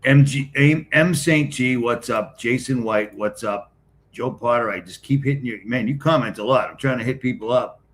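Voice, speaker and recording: A man's voice: mid-range voice, normal speed, a little hiss or hum. A middle-aged man from the Boston area, hosting a casual live stream, greeting commenters one by one and answering them in a blunt, wisecracking way. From Boston area, New England. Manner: blunt, wisecracking, talks straight to chat.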